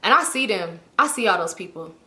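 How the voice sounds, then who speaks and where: A young woman telling a story to camera in a casual, slangy, animated way, acting out what people said. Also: mid-range voice, a little fast. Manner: animated, slangy, acts out quotes. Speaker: storytime vlogger.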